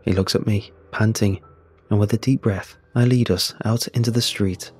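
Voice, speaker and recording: A man narrating a horror story in a measured, tense storytelling manner. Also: on the low side, fairly even intonation, darkish tone, husky. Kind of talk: scripted narration. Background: faint music.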